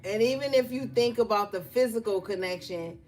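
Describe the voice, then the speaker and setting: Woman, tarot reader, blunt, profane, slangy, fairly high voice, faint background music. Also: fairly quick, a little mellow. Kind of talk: casual tarot reading with storytelling.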